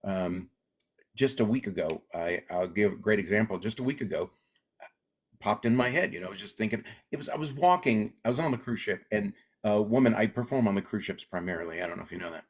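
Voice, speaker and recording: A middle-aged comedian who grew up in Alaska chats casually as an interview guest, his low voice fairly quick with a breathy edge. He's an animated storyteller who acts out the quoted voices in his stories.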